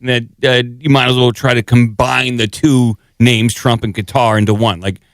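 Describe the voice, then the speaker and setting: A man's voice: mid-range voice, steady tone, moderate pace, a bit bright, no room sound, studio quality. A man co-hosting a podcast in casual chat, rambling and self-deprecating with many fillers. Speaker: podcast co-host.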